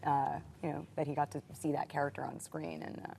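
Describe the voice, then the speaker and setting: An actress on a cast panel, talking thoughtfully and haltingly with many fillers. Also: female voice, low voice, level tone, gravelly, a crowd in the background. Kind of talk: reflective casual talk.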